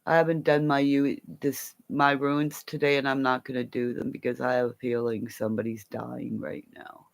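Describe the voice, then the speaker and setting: A woman's voice: very deep voice, level tone, normal speed, creaky, hardly any pauses. A woman from Canada ranting angrily to camera in a profane, rambling monologue. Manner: profane and angry; rambling, jumps between topics. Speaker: vlogger.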